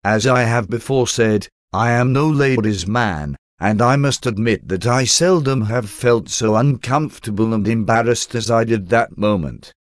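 A man narrating an adventure audiobook in the first person, with a measured, formal storytelling manner. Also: mid-range voice, no room sound, studio quality.

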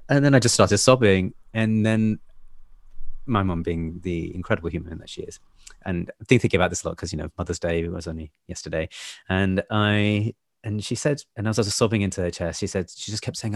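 A man's voice: sits low, a little fast, no room sound, clean studio sound. A man, an actor and A&E doctor, candidly telling personal stories in conversation, laughing often and acting out family dialogue. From United Kingdom.

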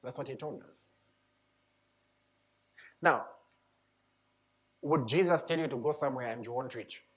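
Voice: medium pitch, unhurried. A preacher giving a sermon, reading scripture aloud and then commenting on it with emphatic, repeated rhetorical questions.

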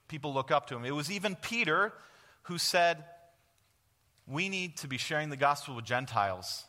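A man preaching with a bright, forceful voice, earnest and direct, often asking the congregation a question and answering it himself. His words ring out with a long reverb from the church hall around him. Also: on the high side, lively intonation, moderate pace. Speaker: guest preacher. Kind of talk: sermon. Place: church sanctuary.

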